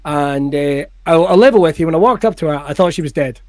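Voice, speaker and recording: A man's voice: a little high, lively intonation, fast, a little mellow, no room sound. A Scottish man, a comedian guest on a podcast, telling a story in casual chat, acting out quotes in raised voices, swearing and laughing. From Scotland.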